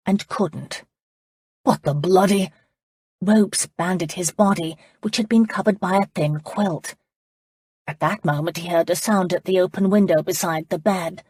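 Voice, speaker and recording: A woman narrating an audiobook in a measured, steady storytelling manner. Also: on the low side, slightly rough, dry recording, clean studio sound. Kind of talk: scripted narration.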